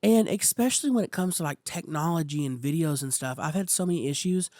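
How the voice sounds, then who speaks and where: A woman co-hosting a podcast in casual chat, playful with sudden excited squeals. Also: sits low, fast, dry recording, clean studio sound. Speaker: podcast co-host.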